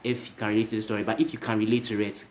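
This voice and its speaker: A man's voice: fairly low pitch, flat delivery, rapid-fire, a little mellow, slight background noise. A man giving a motivational story to livestream viewers, repeating himself and tagging his lines with "right?". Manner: repetitive, tags lines with "right?"; addresses viewers directly. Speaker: motivational speaker.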